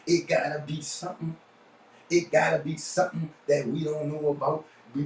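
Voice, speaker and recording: A man's voice: on the high side, slight background noise. A young man with a New Orleans accent hosting a podcast, rambling in a blunt, profane monologue and checking in with "you see what I'm saying". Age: young adult. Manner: blunt, profane street talk. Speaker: podcast host. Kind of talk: casual monologue. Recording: roomy, distant mic with faint ambience.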